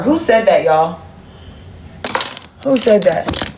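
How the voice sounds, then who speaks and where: A woman's voice: medium pitch, normal speed, reverberant, slight background noise, rough recording. A woman livestreaming, ranting at her chat in a profane, confrontational way and repeating herself. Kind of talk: heated live-stream rant to chat.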